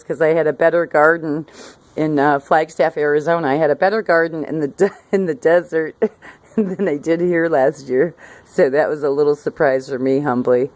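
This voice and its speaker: A woman's voice: sits low, a little mellow, dry recording. A middle-aged woman vlogging outdoors by a hillside garden, talking casually to camera in a rambling way, breaking off her sentences and laughing often.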